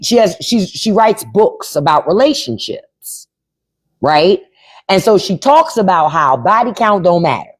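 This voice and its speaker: Blunt, lively-voiced woman livestreamer. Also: medium pitch. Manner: blunt, profane, repeats herself for emphasis; reads out chat and spells names. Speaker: podcast host. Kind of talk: casual live-stream chat.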